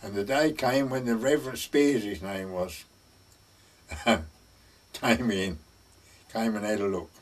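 A man's voice: on the low side, takes it slowly, pauses often, distant mic. An older man telling rambling village anecdotes, chuckling and quoting each speaker with "he said". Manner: rambling, chuckling, quotes everyone with "he said". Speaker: village storyteller. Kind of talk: oral history anecdotes.

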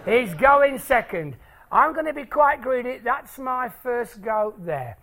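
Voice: medium pitch, very animated, takes it slowly, pushed and bright. A stage presenter doing maths tricks live for an audience in a hall, playful and jokey as they draw the crowd in.

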